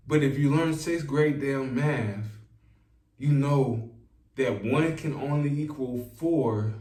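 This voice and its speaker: A man talking to his viewers in a slow, preachy, rambling monologue, repeating lines for emphasis. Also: mid-range voice, a little mellow, recorded from a distance. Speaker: online self-help talker. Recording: echoey room, voice set back from the mic.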